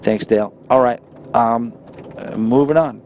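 A man with a New York accent hosting a casual solo podcast, chatting in a rambling way with many restarts and reading out listener emails. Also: a little slow. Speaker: podcast host. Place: on a moving train. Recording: faint train noise behind. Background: faint train rumble.

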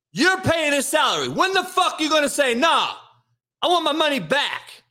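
A male show host delivering an angry, profane rant about sports, often yelling and swearing heavily. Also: very high voice.

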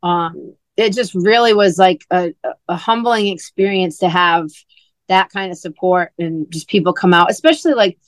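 A woman's voice: fairly low pitch, normal speed, no room sound. A woman co-hosting a podcast, chatting casually and telling stories, acting out what others said. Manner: chatty storyteller, acts out quoted talk. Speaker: podcast co-host and author. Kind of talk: casual chat.

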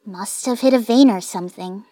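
A woman playing an eager, cheeky young girl in a full-cast audio drama, bright and excitable. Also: mid-range voice, normal speed, no echo, studio quality, lightly acted.

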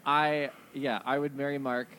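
A man's voice: mid-range voice, flat delivery, moderate pace, pushed and bright, slight background noise. A man in casual podcast chat, playful and teasing, laughing often.

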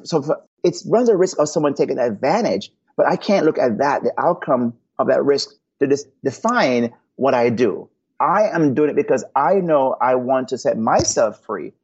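A man speaks in an earnest, almost preacherly way as a podcast guest, telling personal stories. His voice is husky. The audio is muffled and lo-fi. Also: mid-range voice, animated, normal speed, a little mellow. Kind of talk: podcast interview answers.

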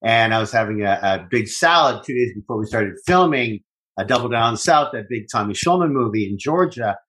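A man co-hosting a casual podcast chat, telling stories in an animated, profane way. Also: medium pitch, brisk, rough recording. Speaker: podcast co-host.

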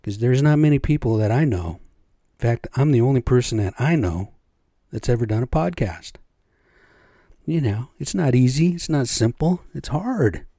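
A middle-aged man talks through a casual solo podcast, wandering from point to point with plenty of cursing and rhetorical questions. His voice is mellow and dark, at an ordinary pitch. The cheap home mic gives a dry, close sound. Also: expressive, normal speed, no room sound. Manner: rambling, profane, rhetorical questions. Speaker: podcast host. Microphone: cheap home podcast setup.

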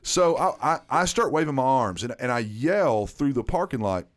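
A man telling a story in a casual podcast chat, animated and swearing, acting out what people said. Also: medium pitch, normal speed. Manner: animated, swearing, acts out quotes. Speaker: podcast co-host.

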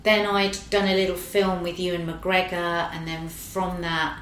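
A middle-aged woman, an actress, telling lively anecdotes in casual chat and swearing freely. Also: lowish voice, a little slow. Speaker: actress guest. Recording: roomy echo.

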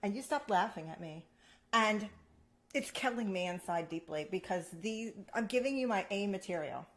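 A woman co-hosting a relaxed chat, ribbing her partner and spinning playful stories. Her voice sits at an ordinary middle pitch, with a chatty, lively delivery. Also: moderate pace. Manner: playful teasing, animated storytelling with laughs. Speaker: co-host. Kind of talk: casual chat.

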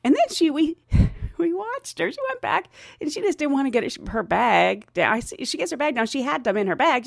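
Animated woman telling funny stories. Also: medium pitch, no echo, studio quality. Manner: animated, laughs often, acts out quoted voices. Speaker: podcast host, flight attendant. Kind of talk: casual storytelling.

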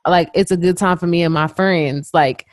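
A young woman in a casual group chat, reflective and thinking out loud with many fillers. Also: on the low side, fairly even intonation, normal speed, dry recording, studio quality.

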